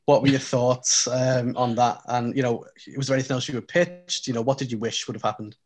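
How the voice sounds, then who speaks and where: A man's voice: medium pitch, a little fast. Hesitant male interviewer. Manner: hesitant, many fillers and restarts. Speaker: show host, interviewer. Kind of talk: casual interview questions.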